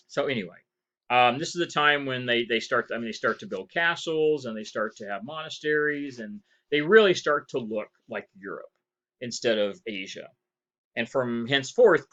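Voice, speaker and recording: A man's voice: mid-range voice, pushed and bright, muffled recording. A man giving a history lecture as professor, rambling, correcting himself and asking rhetorical questions. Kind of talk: recorded lecture.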